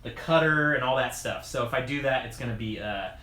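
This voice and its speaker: A mid-range male voice, fairly quick and pushed and bright, comes through an echoey room with a little hiss or hum. He's a mountain bike video creator chatting casually on a live stream while he works on his bike, rambling through chat answers with many fillers, restarts, and chuckles.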